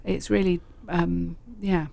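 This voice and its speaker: A woman, a hypnotherapist, explaining in a relaxed conversational way, often pausing with fillers and repeating phrases. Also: on the low side, creaky. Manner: hesitant, filler-heavy, uses repeated self-talk phrases.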